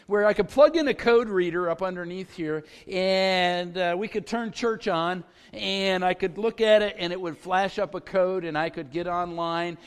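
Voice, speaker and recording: A middle-aged man preaching a sermon as a pastor, with a conversational, folksy storytelling manner and touches of humor. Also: high-pitched. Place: church sanctuary. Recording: long church reverb.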